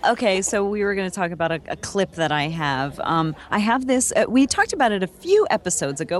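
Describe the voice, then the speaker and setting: Woman cohost chatting away, rambly, lowish voice. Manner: chatty, rambling with restarts and laughs. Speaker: podcast co-host. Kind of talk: casual chat.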